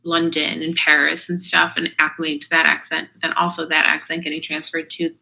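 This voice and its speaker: A woman's voice: sits low, completely flat delivery, brisk, vocal fry, bright, forceful tone, low-quality recording. A woman co-hosting a podcast in casual chat, rambling with lots of fillers. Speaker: podcast co-host.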